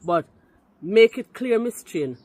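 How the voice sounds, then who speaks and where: A Jamaican-accented woman caller, forcefully rebutting in a heated call-in, slipping into patois. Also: medium pitch, animated, takes it slowly, no room sound. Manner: forceful, indignant, patois-laced.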